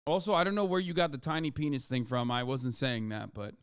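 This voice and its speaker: A man's voice: medium pitch, brisk, clean tone, dry recording, clean studio sound. A man livestreaming, ranting casually to his chat in a sarcastic, mocking, profane way, with emphatic asides. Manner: animated, with frequent restarts and emphatic asides.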